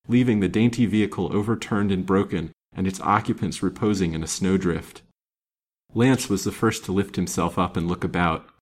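Sex: male. Role: storyteller. Style: reading a classic novel aloud. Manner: steady, measured. Pitch: low.

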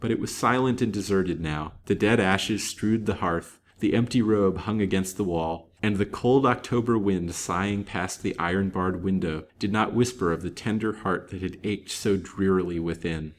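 A man reading a serialized novel aloud in a measured, dramatic way. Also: low voice, slight background noise. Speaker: storyteller.

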